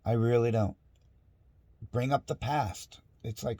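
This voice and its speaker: A man's voice: mid-range voice, fairly even intonation, unhurried, dark tone, no echo. A middle-aged man in a casual, rambling monologue at home, frustrated and restarting often. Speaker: vlogger. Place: home with dogs nearby.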